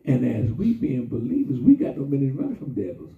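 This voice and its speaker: A man preaching a sermon in a call-and-response style, drawing out his emphasis slowly and then rushing through asides. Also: mid-range voice, huge pitch swings, creaky. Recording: distant, echoey, phone-like sound from far off.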